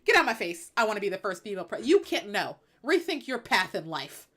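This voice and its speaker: A woman's voice: mid-range voice, very animated, brisk, sharp tone. A woman hosting a live stream, talking bluntly and emphatically in an opinionated, sassy way. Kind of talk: opinionated casual chat.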